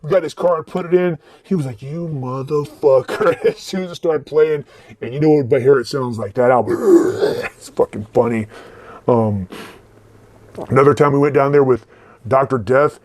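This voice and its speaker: A man's voice: medium pitch, fairly quick, a little mellow. A man in his forties telling rambling, profane stories about record stores in a casual way. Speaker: vlogger and record collector. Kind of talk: casual storytelling.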